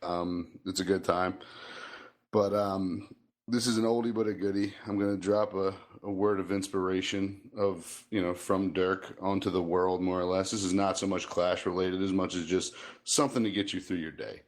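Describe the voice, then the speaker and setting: A man's voice: low-pitched, flat delivery, normal speed. A man co-hosting a podcast in casual chat, cracking crude jokes and laughing often. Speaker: podcast co-host.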